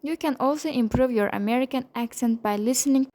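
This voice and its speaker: A woman, not a native English speaker, narrating a pronunciation lesson and slowing down to demonstrate example words. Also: high voice, warm tone. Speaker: accent teacher.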